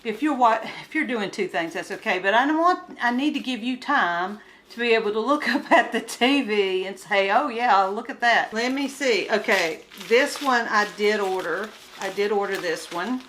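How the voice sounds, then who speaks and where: A woman's voice: medium pitch, lively intonation, normal speed, a bit bright, a little hiss or hum. A woman crafts vlogger chatting casually to her viewers while unboxing kits at home, talking straight to the camera and getting exasperated over problems. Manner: chatty, addresses viewers directly, grows exasperated.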